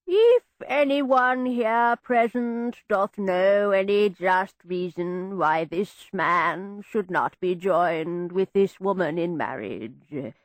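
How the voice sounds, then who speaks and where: A woman reading an audiobook, voicing a male vicar who intones the wedding service in a slow, solemn drone. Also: medium pitch, no echo, voice pushed down, lightly acted. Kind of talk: audiobook character voice.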